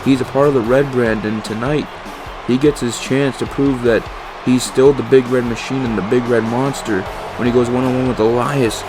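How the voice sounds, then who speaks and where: A man doing excitable, casual play-by-play commentary on a wrestling match. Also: medium pitch, normal speed, over music, rough recording. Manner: excitable, emphatic, casual swearing.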